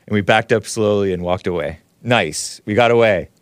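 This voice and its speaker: A man hosting a call-in show, chatty and quick to laugh, often cutting himself off mid-sentence. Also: on the low side, smooth, dry recording, studio quality. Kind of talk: casual call-in talk.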